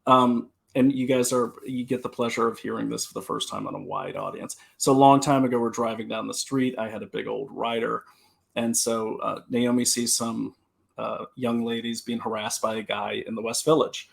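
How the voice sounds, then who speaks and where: A man's voice: mid-range voice, normal speed, gravelly. A man working as a security consultant, telling stories and giving safety advice on a live stream, often restarting his sentences. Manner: animated storyteller, repeats words when starting. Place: home, talking to a computer.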